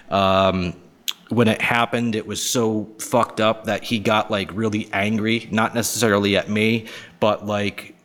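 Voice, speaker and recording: A man's voice: on the low side, a bit bright. A man casually telling a story alone on a podcast, rambling and swearing with lots of fillers. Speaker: podcast host.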